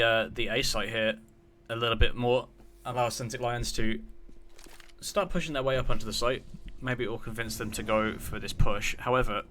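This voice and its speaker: A man's voice: mid-range voice, fairly even intonation, normal speed, pushed and bright, a little hiss or hum. A man in his thirties from the UK casting an esports match alone, chatty and talking to his stream chat between plays. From United Kingdom. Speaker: esports caster. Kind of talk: solo play-by-play game commentary.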